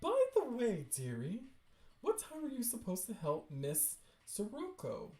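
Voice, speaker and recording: A woman's voice: fairly high pitch, huge pitch swings, a little slow, soft background music, pitched above the performer's own voice. Woman doing a kindly Derry-accented mother. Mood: gentle. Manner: soft, affectionate, calls others dearie. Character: kindly older mother, gently worried.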